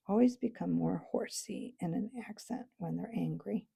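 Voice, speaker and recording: A woman reads a storybook aloud in a gentle, measured way. Her voice is warm and husky, with a gravelly edge. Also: lowish voice, dry recording. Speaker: storybook reader. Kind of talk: reading a novel aloud.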